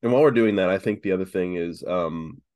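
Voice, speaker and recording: A man with a very low voice, a bit rough and groggy from the morning and allergies. He talks in an easygoing, hesitant way with plenty of fillers. It sounds like casual podcast banter about college sports. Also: racing, warm tone. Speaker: podcast co-host.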